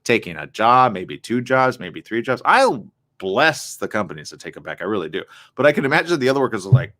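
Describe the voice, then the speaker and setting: Hosting a live morning show online, this man speaks a little fast in a lowish voice. He wanders from topic to topic while reading viewer comments, staying animated and frequently asking his audience "you get it?"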